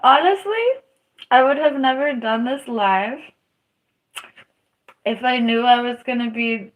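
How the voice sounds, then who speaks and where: A woman's voice: on the high side, fairly even intonation, a little slow, narrow, tinny audio. A young woman chatting casually on a live stream while in pain and tearful, rambling, laughing through it and groaning. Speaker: livestreamer.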